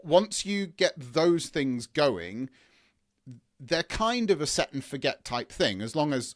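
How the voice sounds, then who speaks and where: Male guest expert, enthusiastic rambling explainer, restarts often, mid-pitched. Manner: enthusiastic, rambling, frequent restarts and long lists. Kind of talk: conversational explaining in an interview.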